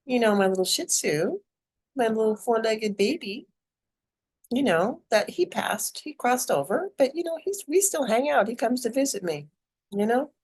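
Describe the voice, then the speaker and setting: A woman's voice: a little high, lively intonation, moderate pace, darkish tone, husky. A middle-aged woman giving a casual spiritual talk as a mentor, chatty and digressive, often laughing.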